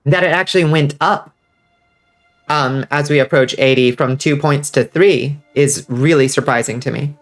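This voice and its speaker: A man with a congested, stuffy voice giving casual, excitable commentary while playing a game and reading chat. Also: on the high side, normal speed, soft background music. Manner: excitable, swears freely, reads out chat. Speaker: streamer.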